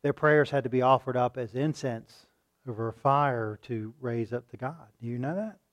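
A man preaching a sermon, asking his listeners questions and acting out loud pleas now and then. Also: medium pitch, normal speed. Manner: shifts between calm teaching and loud acted-out pleading; rhetorical questions to the congregation.

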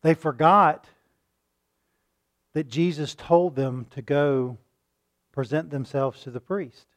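A man preaching a sermon, asking his listeners questions and acting out loud pleas now and then. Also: a little high, slow pace. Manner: shifts between calm teaching and loud acted-out pleading; rhetorical questions to the congregation.

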